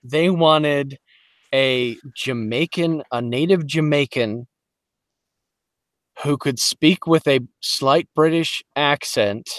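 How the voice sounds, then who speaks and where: A man from Detroit, a voice actor guest on a podcast, telling lively stories in casual chat and slipping into quick voices. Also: on the high side, no echo, clean studio sound. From Detroit, Michigan. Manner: animated storyteller, slips into quick voices.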